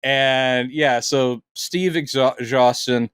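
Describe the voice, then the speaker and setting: A man co-hosting a casual film review podcast, talking animatedly and slipping into quick impressions of quoted lines. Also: medium pitch, steady tone, a bit bright, clear, resonant tone, no echo, clean studio sound. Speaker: podcast co-host.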